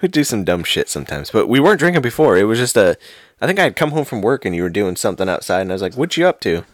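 A man's voice: fairly low pitch, very animated, rapid-fire, dry recording, studio quality. A man chatting casually at home, laughing often and chiming in on a shared story. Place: home, drinking whiskey with a friend.

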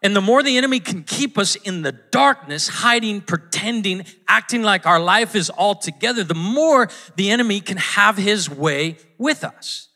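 Bright-voiced male pastor preaching. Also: high-pitched, expressive, moderate pace, few pauses. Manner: conversational, self-interrupting, acts out quotes. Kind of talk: sermon. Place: church auditorium.

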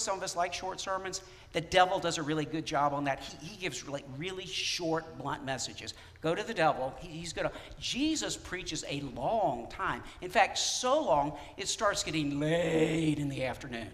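Male pastor, fairly high voice, chatty sermon delivery, church hall reverb. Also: moderate pace, hardly any pauses. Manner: conversational, animated preaching with asides.

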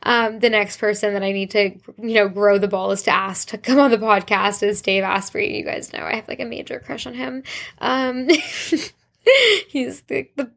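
A young woman gives a gushing solo update on her own podcast, bubbly and rambling with constant use of "like." Her medium-pitched voice is gravelly and slightly bright, at a moderate pace.

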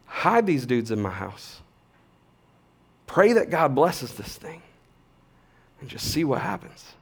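A man in his thirties preaching a sermon as a pastor, casual and animated, with slang and big swings between quiet and loud. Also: on the high side, slow, gravelly, breathy edge.

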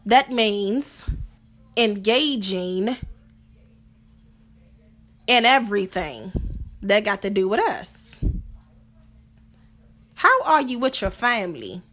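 Her mid-range voice is very animated and fairly bright, and she speaks slowly, pausing often. The woman, a podcast host, gives a casual, blunt, profane monologue on relationships laced with rhetorical questions.

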